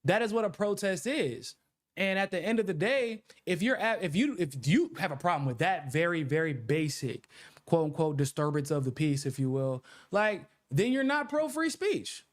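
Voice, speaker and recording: A man's voice: on the high side, moderate pace. A man, co-hosting a casual political chat with lots of laughter and cursing. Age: 30s. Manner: loud laughs, profane and animated. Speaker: co-host.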